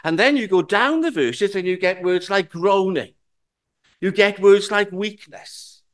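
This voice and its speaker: A man's voice: high-pitched, unhurried. A man preaching a sermon, explaining a Bible verse in an earnest, reassuring way and asking rhetorical questions.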